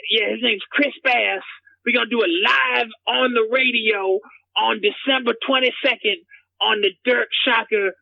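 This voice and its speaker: A man doing a gravelly, rambling dimwit. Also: extremely high pitch, fairly even intonation, moderate pace, highs cut off. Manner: stumbling, repeats words, drawling. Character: rambling dim-witted man, scattered and clueless. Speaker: comedian doing a character bit.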